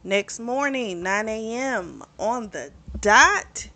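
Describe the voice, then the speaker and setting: A woman's voice: fairly high pitch, lively intonation, takes it slowly, pushed and bright. A young woman casually retelling a book's plot, chatty and full of fillers, swearing freely. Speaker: book reviewer. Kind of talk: casual book recap.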